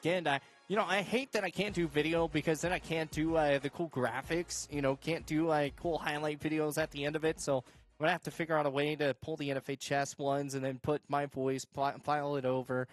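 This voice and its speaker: A man who hosts a local sports show, calling football highlights and then interviewing a player in a casual, filler-heavy way. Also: fairly quick, faint music behind. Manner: excited shouting calls over game highlights, then casual questions with fillers. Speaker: sports show host and play-by-play caller. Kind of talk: high school football play-by-play and interview.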